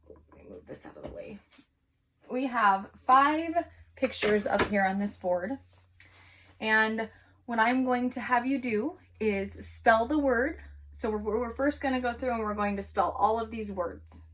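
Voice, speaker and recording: A kindergarten teacher giving an online phonics lesson, speaking to young children in an encouraging, sing-song way and stretching out letter sounds slowly. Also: female voice, fairly high pitch. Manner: slow, exaggerated sounding-out of letters.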